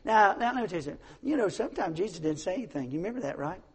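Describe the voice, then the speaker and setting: A man preaching a sermon as pastor, swinging from hushed asides to shouts, often stammering and restarting. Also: high voice, animated, racing, husky. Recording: long hall reverb.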